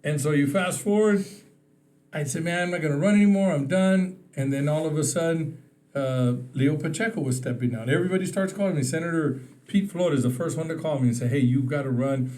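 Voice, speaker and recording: A man from Texas, a podcast guest, telling lively stories in casual conversation and acting out the people he quotes. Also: a little high, fairly quick. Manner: animated storyteller, acts out quoted phone calls with laughter. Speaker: podcast guest, state representative. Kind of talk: casual storytelling interview.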